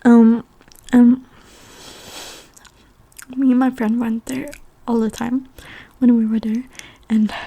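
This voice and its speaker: A woman's voice: a little high, dark tone, slightly rough. A young woman from Sweden telling chatty stories in a whispered role-play mukbang, with a stuffy nose. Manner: chatty whispered storytelling between bites. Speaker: mukbang ASMR creator.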